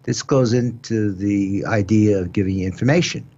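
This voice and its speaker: An older man with a New York accent hosts a talk radio show, explaining courtroom matters in a casual, repeating way. His voice sits low and a little husky. The broadcast audio sounds dull and lo-fi. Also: moderate pace, warm tone. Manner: explanatory, repeats words, restarts. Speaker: host, retired judge.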